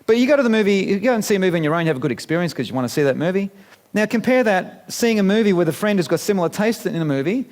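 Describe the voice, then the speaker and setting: A man, giving a chatty, playful seminar talk to a live audience in a conference room and asking them questions. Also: high-pitched. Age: 50s. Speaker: business speaker.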